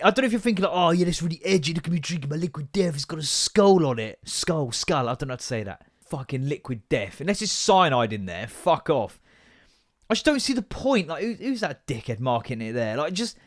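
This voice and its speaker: A young podcast host delivers a comedic solo rant, sweary, sarcastic and exasperated. His voice sits high with a fairly bright tone, recorded in studio quality with no echo.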